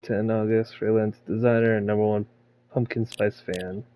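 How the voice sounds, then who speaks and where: A man's voice: on the low side, flat delivery, normal speed, mellow, slight background noise, poor audio. A man playing through a story game and reading every character's lines aloud, mostly in his own voice. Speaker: game player voicing the characters. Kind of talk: playthrough voice acting.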